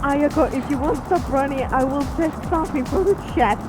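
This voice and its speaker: High-voiced teasing woman co-streamer. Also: moderate pace. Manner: teasing, chatty banter. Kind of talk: casual gameplay chat. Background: game music.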